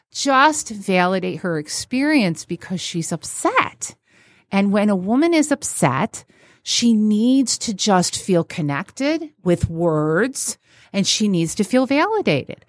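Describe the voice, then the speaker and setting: A woman's voice: medium pitch, dry recording. A woman relationship expert telling stories in casual talk-show chat, acting out the people she quotes. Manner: animated storyteller, acts out quotes.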